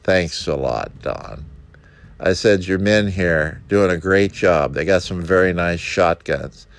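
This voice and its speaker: A man's voice: sits low, slow. A male park ranger telling a personal anecdote and acting out the dialogue of each person in it. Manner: acts out the dialogue, quoting each speaker.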